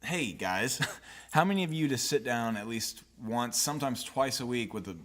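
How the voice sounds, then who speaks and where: A man co-hosting a casual podcast with a lively, swooping voice. He jokes around and swears freely as he talks. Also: mid-range voice, moderate pace. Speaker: podcast co-host. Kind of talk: casual chat.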